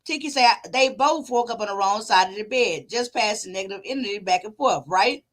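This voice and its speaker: A woman reads her viewers' comments aloud on her commentary channel and weighs in with her own view, keeping the tone laid-back and conversational. Her mid-range voice is expressive and a little fast.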